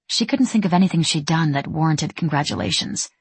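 A woman narrating an audiobook in a measured, wry storytelling manner. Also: deep voice, lively intonation, husky, dry recording. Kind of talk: scripted narration.

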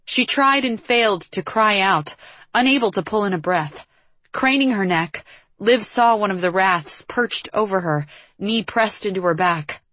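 A woman narrating an audiobook in a measured, dramatic reading. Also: mid-range voice, fairly bright tone, dry recording, poor audio. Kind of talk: scripted narration.

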